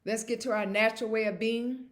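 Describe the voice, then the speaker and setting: A woman's voice: a little high, fairly even intonation, a little fast. A woman vlogger talking to camera in a casual monologue, emphatic and repetitive and chuckling at herself.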